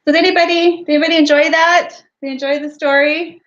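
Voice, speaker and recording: A woman's voice: high-pitched, steady tone, fast. A woman hosting a casual craft livestream, chatty and giggly as she talks and demonstrates. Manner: chatty, giggly, loose storytelling. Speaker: livestream host and soap maker. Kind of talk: casual live chat and craft demo. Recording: dull lo-fi livestream audio.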